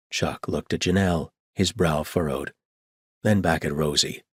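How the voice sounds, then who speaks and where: A man narrating an audiobook in a steady storytelling delivery, on a close studio mic. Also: very deep voice, measured pace, husky, dry recording. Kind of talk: scripted narration.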